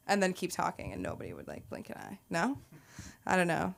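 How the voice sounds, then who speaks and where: Gravelly, lively woman emcee. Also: lowish voice, fairly quick. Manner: loose, rambling banter. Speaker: open-mic host. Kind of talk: emceeing between comics. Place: comedy club stage.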